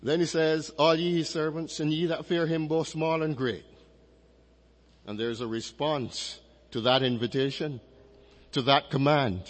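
A man preaching an expository sermon, measured and emphatic, drawing out key phrases as he reads and explains scripture. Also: fairly high pitch, fairly even intonation. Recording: long reverberant hall.

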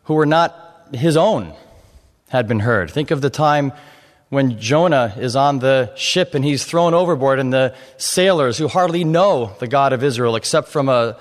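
A man preaching a sermon on a psalm, measured at first and building to fervent emphasis. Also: medium pitch. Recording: long hall reverb.

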